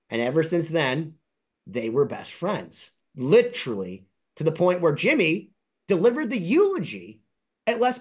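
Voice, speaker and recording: Guy rambling thru an excited story, pitch jumping all over, higher voice. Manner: excited, rambling anecdotes with many restarts; acts out other people's lines in high voices. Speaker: guitar collector, interview guest. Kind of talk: casual storytelling.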